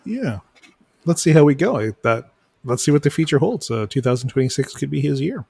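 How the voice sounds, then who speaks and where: A male podcast co-host in easy conversation who stumbles and repeats words, often laughing at his own expense. His voice is husky and gravelly. It is recorded close and dry, with no room sound. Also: mid-range voice, very animated, fairly quick, a little mellow, dry recording. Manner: stammering, repeats words, self-deprecating. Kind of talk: casual chat.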